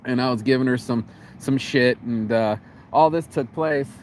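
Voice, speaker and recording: A man's voice: mid-range voice, moderate pace, darkish tone, slight background noise. Rambling American man vlogging outdoors. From United States. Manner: rambling, profane, repeats words and restarts. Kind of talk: casual vlog monologue. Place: outdoors on a cold day.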